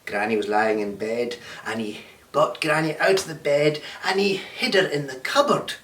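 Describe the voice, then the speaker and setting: A man's voice: a little high, normal speed. A man teaching a storytelling workshop, often checking in with the class. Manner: animated, checks in with "okay?". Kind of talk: storytelling lesson. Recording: roomy, distant mic.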